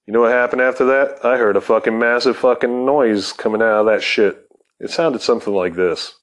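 Talking briskly in a medium-pitched voice, a middle-aged man laughs his way through a profane, wandering anecdote. The storyteller's casual tale comes through on a rough recording.

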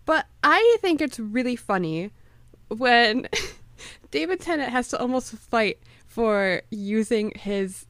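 A woman's voice: fairly high pitch, expressive, slow pace, fairly bright tone, no room sound. A young woman co-hosting a podcast, chatting casually and playfully, giggling often. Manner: playful, giggly, repeats lines for fun. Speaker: podcast co-host. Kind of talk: casual chat.

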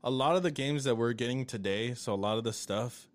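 Man, casual chat, rambling, medium pitch, casual swearing. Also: brisk. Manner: rambling, many fillers and restarts, swears casually.

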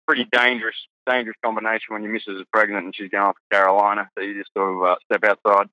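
A man with an Australian accent, a guest golf pro in casual podcast chat, halting and repeating words. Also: fairly low pitch, level tone, dry recording, highs cut off.

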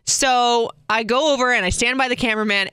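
A chatty young woman tells a casual story, full of wry asides and quick acted-out quotes. Her voice is smooth and clean, recorded close in a dry, dead room. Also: fairly high pitch, pushed and bright, no echo. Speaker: vlogger, mother.

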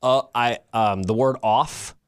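A man's voice: medium pitch, slow, clean tone. A man co-hosting a podcast in casual chat, telling stories animatedly and acting out his own laughter. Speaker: podcast co-host.

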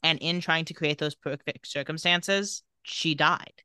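A woman's voice: deep voice, a little slow, clear, resonant tone, dry recording, studio quality. A woman co-hosting a podcast, animatedly retelling TV scenes and quoting the characters' lines in casual chat. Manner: animated retelling with quoted dialogue. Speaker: podcast co-host recapping a TV episode.

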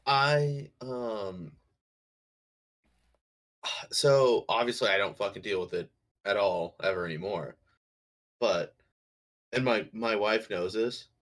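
A man's voice: lowish voice, slow, pauses often, a bit bright. A married man on a podcast talking bluntly and profanely in casual chat. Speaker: podcast co-host.

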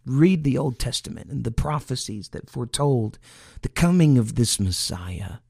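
A man's voice: mid-range voice, big pitch swings, moderate pace, vocal fry, a little mellow, husky, dry recording, studio quality. A man preaching an earnest, emotional sermon, often restarting phrases as he builds his point.

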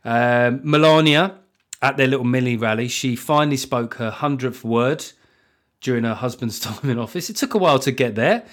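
A man's voice: mid-range voice, brisk. Sarcastic man ranting on a podcast. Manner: sarcastic, swearing, mocking asides. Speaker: podcast host. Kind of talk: comedic solo podcast rant. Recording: levels topping out, sounds lo-fi.

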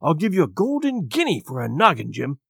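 A man reading an audiobook, voicing a drunken, feeble old sea captain who pleads in rough sailor's dialect. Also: on the high side, wildly swooping pitch, brisk, dry recording, clean studio sound, full character voice. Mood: pleading. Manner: rough seafaring dialect, wheedling.

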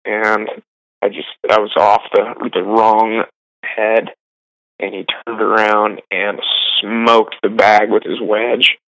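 Low-voiced young man telling caddie stories. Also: little pitch movement, fairly bright tone, no room sound, low-quality recording. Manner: rambling, self-deprecating, quick asides. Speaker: golf caddie being interviewed. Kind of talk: casual storytelling.

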